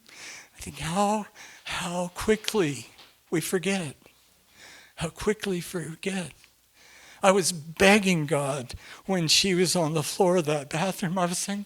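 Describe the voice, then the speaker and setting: A middle-aged man telling a personal story to a group, animated, laughing often and swinging from hushed to loud. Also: high voice, takes it slowly, pauses often.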